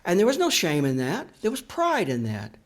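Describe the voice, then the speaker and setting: An older man speaks in a slightly raised pitch. He is an author sharing a personal story, reflective and earnest. His delivery is confessional and unhurried in thought. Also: wildly swooping pitch. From American South. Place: library event room.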